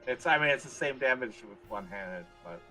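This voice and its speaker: A man running a tabletop roleplaying game as dungeon master, explaining rules and narrating with an animated delivery. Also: mid-range voice, brisk, music in the background.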